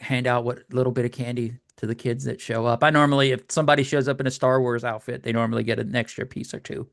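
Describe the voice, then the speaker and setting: A man's voice: mid-range voice, steady tone, quick pace, creaky, dry recording, clean studio sound. A man co-hosting a podcast in casual chat, often stopping and restarting mid-thought. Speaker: podcast co-host.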